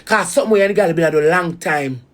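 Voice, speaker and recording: A woman's voice: fairly low pitch, quick pace. A woman with a Jamaican accent, ranting heatedly to viewers about a betrayal, swearing in patois. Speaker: vlogger. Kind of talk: emotional personal rant to viewers.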